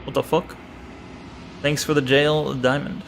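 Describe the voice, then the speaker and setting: A man's voice: on the high side, flat delivery, unhurried, vocal fry, a bit bright, slight background noise. A young man streaming a game, playfully commenting and chatting with his viewers. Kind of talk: live gameplay commentary.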